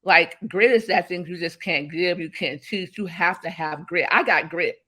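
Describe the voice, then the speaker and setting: Bright-voiced woman guest, emphatic, lively motivational storyteller. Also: lowish voice, normal speed. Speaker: guest, business strategist. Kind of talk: motivational interview talk.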